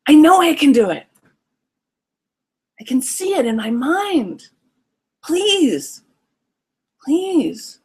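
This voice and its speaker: A woman voicing an eager little child who begs to be allowed to try something, drawn out and high. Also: very animated, drawn-out words, long pauses, full character voice. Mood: pleading.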